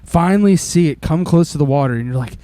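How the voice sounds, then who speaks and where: A man's voice: a little high, expressive, fast, mellow. A man chatting casually with a friend, playful and swearing, reacting to the story. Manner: laid-back, swearing, playful. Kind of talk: casual chat.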